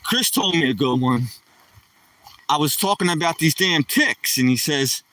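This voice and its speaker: Man, middle-aged, casual live stream chat, joking and rambling, bright slightly high voice. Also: expressive, normal speed, no room sound. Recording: voice somewhat far from the mic.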